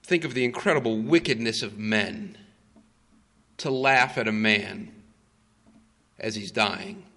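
A man preaching a sermon, telling the story slowly and with emphasis, with frequent "uh" fillers. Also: on the low side, a bit bright. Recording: long hall reverb.

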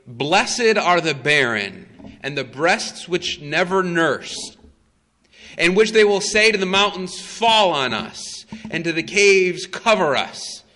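A man voicing a beaten but calm and bold male prisoner, speaking quietly and solemnly within a sermon. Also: on the high side, pitched above the performer's own voice, heavily acted.

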